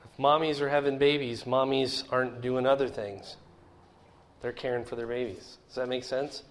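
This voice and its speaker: A man's voice: medium pitch, steady tone, normal speed. A middle-aged man teaching a conversational Bible lesson in a folksy way, often checking in with his listeners. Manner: folksy, asks the listeners questions.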